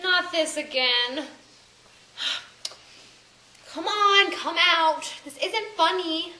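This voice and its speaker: A woman's voice: extremely high pitch, lively intonation, extremely slow, bright, forceful tone. A woman acting in a comedy skit, exasperated, blunt and scolding. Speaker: comedy sketch actor. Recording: echoey room.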